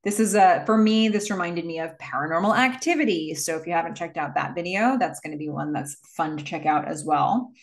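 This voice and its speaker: A woman's voice: lowish voice, brisk, few pauses. A woman hosting a casual movie recap and telling the plot in a chatty way, with many fillers. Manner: chatty, filler-heavy storytelling.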